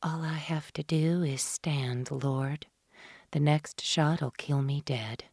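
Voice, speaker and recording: A woman's voice: deep voice, slow, a little mellow, no echo, clean studio sound, exaggerated voice. A woman voicing a desperate frontier woman, whispering a prayer through cracked lips.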